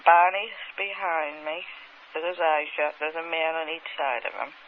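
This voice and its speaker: A woman's voice: low-pitched, fairly even intonation. Woman recalling under hypnosis, on tinny old tape. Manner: halting, hesitant speech with many restarts; slow, dreamy present-tense recall. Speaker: hypnosis subject. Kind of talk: recounting a memory under hypnosis. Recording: tinny old archive tape with faint hiss.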